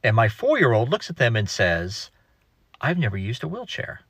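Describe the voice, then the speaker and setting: A man's voice: medium pitch, wildly swooping pitch, moderate pace, breathy edge, no room sound, clean studio sound. A father telling a short, creepy story about his son in a plain, matter-of-fact way. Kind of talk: casual storytime.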